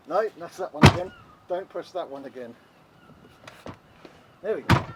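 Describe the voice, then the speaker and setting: A man's voice: fairly high pitch, lively intonation, unhurried, long pauses, very noisy. Chatty man in a van. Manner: chatty, wry, self-mocking. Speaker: van reviewer. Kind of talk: casual hands-on vlog demo. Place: inside a passenger van.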